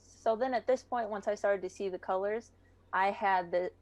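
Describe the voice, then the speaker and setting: A woman's voice: medium pitch, moderate pace. A young woman talking as a podcast guest in a casual chat, chatty with many fillers and frequent laughter.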